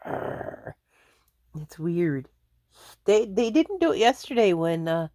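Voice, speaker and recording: A woman's voice: fairly low pitch, very animated, slow pace, mellow, no room sound, studio quality. A woman chatting casually to her viewers from home, rambling and laughing often. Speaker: vlogger. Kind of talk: casual chat to camera.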